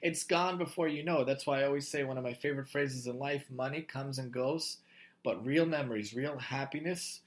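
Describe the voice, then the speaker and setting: A man's voice: medium pitch, moderate pace. A man giving a religious talk, emphatic and piling up rhetorical questions. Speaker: Torah teacher.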